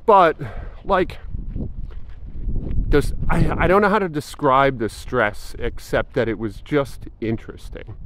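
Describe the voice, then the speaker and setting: A fitness vlogger in his forties talks casually, thinking aloud with frequent fillers and restarts. His mid-range voice sounds a bit bright.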